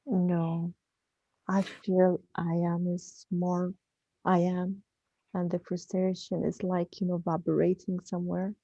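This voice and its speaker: A woman, sharing on a video call in a halting way and leaning on "okay" between phrases. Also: fairly low pitch, level tone, warm tone, no room sound, highs cut off. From Arab world. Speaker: retreat participant. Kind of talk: casual sharing in an online group.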